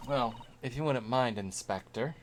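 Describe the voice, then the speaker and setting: A man's voice: medium pitch, moderate pace, lightly acted. A man voicing an earnest young male lawyer in a game, speaking formally and courteously. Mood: polite.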